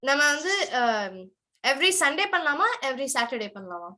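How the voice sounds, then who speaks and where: A woman's voice: high voice, very animated, very fast, sharp tone. A young woman teaching an online class on a video call, switching between English and Tamil, with many fillers and restarts. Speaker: online tutor.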